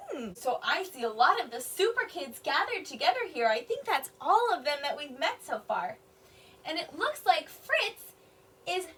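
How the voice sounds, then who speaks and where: A high, bright woman's voice with a lively, sing-song rise and fall, teaching young children to read. She sounds out words slowly and with exaggeration, staying patient and encouraging, and her voice comes from a little way off the mic. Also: recorded from a distance, slight background noise. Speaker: kindergarten teacher. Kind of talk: phonics and reading lesson for young children.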